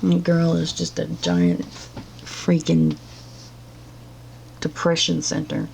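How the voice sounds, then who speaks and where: Gravelly, slow-talking woman giving blunt commentary. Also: low-pitched, level tone, darkish tone, a little hiss or hum. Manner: blunt, profane and sarcastic. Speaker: commentary vlogger. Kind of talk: reaction commentary.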